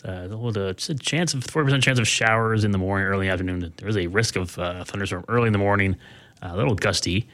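A man from Canada hosting a radio show in a casual, halting way, with many filler sounds as he reads the weather and introduces songs. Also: lowish voice, fairly bright tone. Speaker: radio host.

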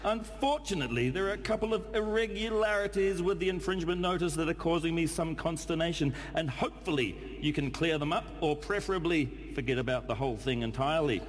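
A man with a New Zealand accent reads a letter with dry, deadpan comic timing. His voice sits fairly high, and the recording carries a long reverb tail over faint background noise. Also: a little fast, few pauses. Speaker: actor reading a letter aloud. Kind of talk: comic reading.

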